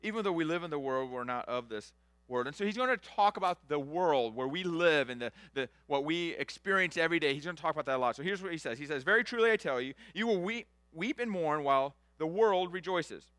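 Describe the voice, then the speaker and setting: Bright, crisp-voiced man preaching. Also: fairly high pitch, brisk, no echo. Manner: conversational preaching, swings from loud animated to hushed soft. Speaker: pastor. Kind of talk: sermon.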